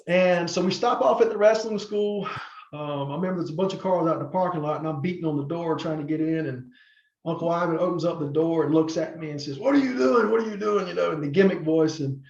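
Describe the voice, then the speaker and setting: A man's voice: fairly high pitch, brisk, darkish tone. Rambling man in a roomy room. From North Carolina, USA. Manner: rambling, many fillers and restarts, acts out quoted people. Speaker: podcast guest, former wrestler. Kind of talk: casual interview storytelling. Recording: roomy, slightly muffled sound.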